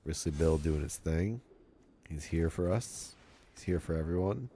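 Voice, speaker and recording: A middle-aged man with a low, mellow, husky voice streams a card game at a measured pace. He chats goofily with viewers, mocking himself and tossing jokey asides to chat.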